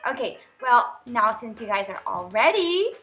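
A woman playing a family roleplay game, talking in an animated, excitable, bossy mom tone. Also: a little high, moderate pace, reverberant, faint music behind. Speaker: roleplay player voicing the mom figure. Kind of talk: playful game roleplay narration.

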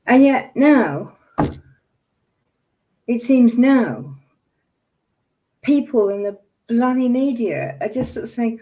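A woman's voice: on the high side, lively intonation, slow, pauses often, dark tone. A woman in her seventies hosting a livestream, talking to viewers in an angry, emphatic way and apologizing for her outbursts. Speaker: livestream host. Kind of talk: impassioned casual talk to viewers.

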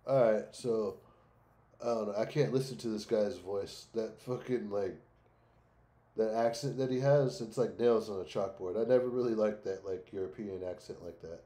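A man chats casually while reacting to videos on a stream. His voice is mellow and warm, and he talks bluntly and crudely, swearing often. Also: on the low side, normal speed.

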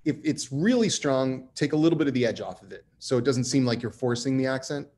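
A man's voice: medium pitch, expressive, fairly quick, a little mellow. A man speaking on a panel, conversational and emphatic with dry humor. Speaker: writer on a panel. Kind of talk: panel discussion.

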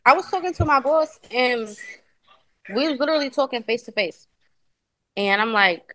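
A woman's voice: on the high side, normal speed, long pauses. A woman guest on a podcast, chatting casually, laughing often and telling stories with feeling. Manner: laughs often, expressive storytelling. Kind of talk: casual chat.

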